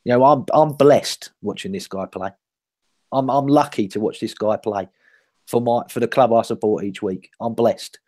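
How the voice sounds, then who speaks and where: A man in a casual football chat, animated and joking as he gushes about players. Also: medium pitch, moderate pace, dry recording, studio quality. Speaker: podcast co-host.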